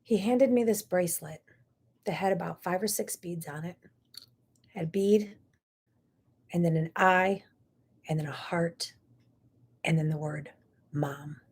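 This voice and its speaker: A woman's voice: on the low side, measured pace, long pauses, husky. A middle-aged woman hosting a talk show, telling a personal story in an earnest, emotional way with many asides. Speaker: host.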